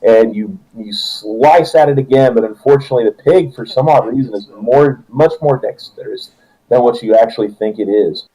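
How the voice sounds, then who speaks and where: A man's voice: mid-range voice, moderate pace, warm tone, slightly rough, poor audio. A young man running a tabletop game as its game master, joking and laughing through loose narration.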